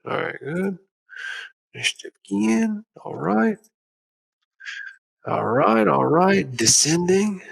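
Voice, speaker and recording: A man's voice: high voice, expressive, slow pace, gravelly, pauses often, slightly rough, poor audio. A man running an online tabletop game as game master, casual and swearing now and then as he handles the dice rolls. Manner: casual, swears, narrates in bursts.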